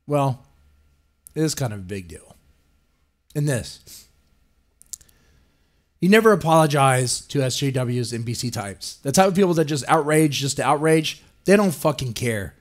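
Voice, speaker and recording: A man's voice: mid-range voice, animated, a little slow, long pauses. A man hosting a podcast, ranting and swearing and mocking the people he quotes in put-on voices. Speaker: podcast host. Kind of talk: ranting commentary.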